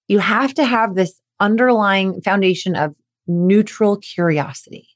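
A woman host of a sport-coaching podcast, speaking casually straight to her listeners. She keeps an easy, conversational flow and slips into brighter, playful voices when she acts out what a parent might say. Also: mid-range voice, measured pace. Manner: animated, acts out quoted questions in a lively voice. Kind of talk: casual solo podcast talk.

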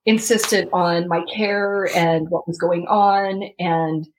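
Her voice sits on the low side, steady and slow, and the audio is poor. This young American woman, an interview guest, recounts a heartfelt personal story, performing the voices of those involved and laughing between lines.

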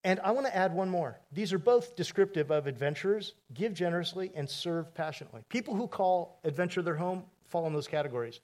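A man's voice: high-pitched, lively intonation, a little fast, hardly any pauses, a little mellow. A man preaching a sermon as pastor, telling stories in a conversational way with asides to the congregation.

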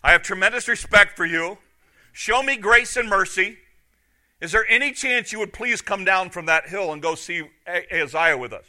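A man's voice: high-pitched, lively intonation, moderate pace, pushed and bright, full character voice. A man voicing a cautious army captain who pleads respectfully with a prophet. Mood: pleading. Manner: pleading, deferential.

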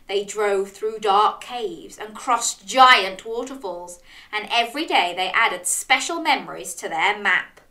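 Animated high-voiced woman reading to children. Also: unhurried. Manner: animated, sing-song, asks listeners questions. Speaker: children's story reader. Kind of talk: reading a picture book aloud to children.

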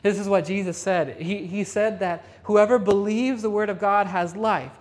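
A woman pastor delivering a Sunday sermon in a rehearsal hall, repeating phrases and slowing down to stress key lines. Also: medium pitch, a little mellow. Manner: emphatic repetition, slowing for stress.

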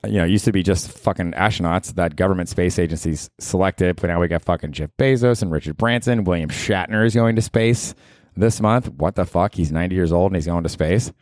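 A man with a very low voice hosts a solo comedy podcast. He rambles sarcastically and swears freely as he talks. The sound is dry and close to the mic. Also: fairly quick, darkish tone, no echo. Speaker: podcast host.

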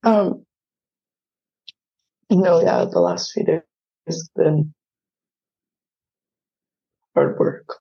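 A woman's voice: low-pitched, sing-song, extremely slow, gravelly, pauses often, slightly rough, lo-fi sound. A woman co-hosting a podcast, chatting casually in a laid-back, rambling way. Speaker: podcast co-host. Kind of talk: casual chat.

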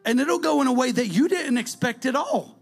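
A man preaching a sermon, swinging from loud calls to near-whispers. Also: very high-pitched, big pitch swings, a little fast, gravelly.

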